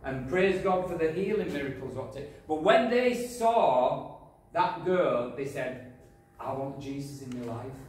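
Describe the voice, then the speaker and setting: A man preaching a sermon, telling a personal testimony, going from loud praise to quiet asides. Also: fairly high pitch, lively intonation, measured pace. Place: church hall. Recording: echoey hall, from far off, faint noise.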